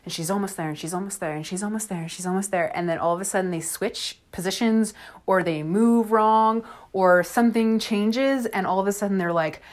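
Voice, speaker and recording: A woman's voice: mid-range voice, fairly quick. Frank, chatty woman podcast host. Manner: frank and chatty, laughs often, many fillers. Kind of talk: casual solo podcast monologue.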